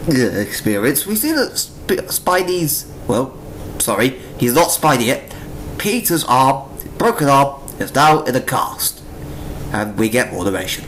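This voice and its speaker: A young man casually reviewing a comic book, animated and incredulous, with frequent exclamations. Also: medium pitch, unhurried, slight background noise, rough recording.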